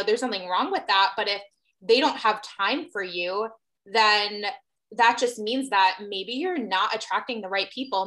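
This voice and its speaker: A woman's voice: medium pitch, fairly bright tone. A woman hosting a podcast, chatting casually and bluntly, swearing freely.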